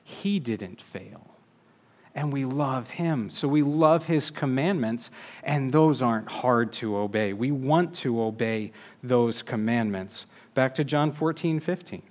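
Earnest male preacher, measured and emphatic. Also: mid-range voice, animated. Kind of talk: sermon.

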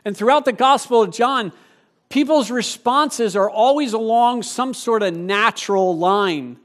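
High-voiced joking male preacher. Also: a little slow. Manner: joking, conversational, stammers when excited. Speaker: pastor. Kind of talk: sermon.

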